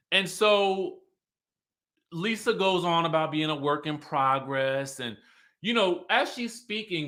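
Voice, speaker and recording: A man giving a sassy, animated recap of a reality show reunion, acting out the cast's lines as he goes. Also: a little high. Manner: sassy, animated, quoting in mock voices. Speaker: pop culture commentator. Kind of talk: casual recap commentary.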